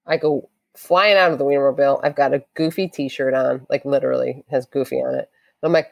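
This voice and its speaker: A woman with a notably low voice, recorded close and dry, tells a casual interview story. She is a lively storyteller who acts out the lines of the people in it. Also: fast, creaky, dry recording. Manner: lively storyteller acting out quotes. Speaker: podcast guest.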